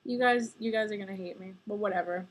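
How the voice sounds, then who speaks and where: A woman's voice: medium pitch, fast talker, very noisy. A woman in her twenties talking casually to her viewers in a rambling, self-deprecating vlog monologue. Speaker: vlogger.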